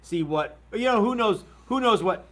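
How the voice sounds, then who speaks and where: A man's voice: high-pitched, animated, normal speed, a bit bright. A man in his fifties hosting a casual live stream, chatty and jokey, rambling with restarts. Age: 50s. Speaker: host. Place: workshop studio.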